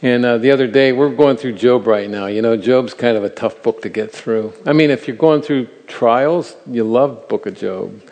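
An older man teaching the Bible to a live audience, earnest and animated, asking his listeners questions. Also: medium pitch, moderate pace, few pauses. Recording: reverberant hall.

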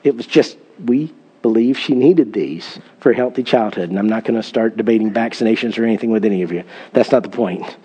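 A man's voice: fairly low pitch, fairly quick, mellow, breathy edge. Earnest middle-aged male pastor preaching. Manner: earnest storytelling, emphatic scripture reading. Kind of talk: sermon.

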